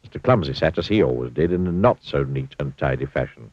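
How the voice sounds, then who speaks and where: A man reading a children's storybook aloud in an expressive, playful way. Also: very deep voice, fairly quick, breathy edge, dry recording, muffled recording. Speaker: storybook reader.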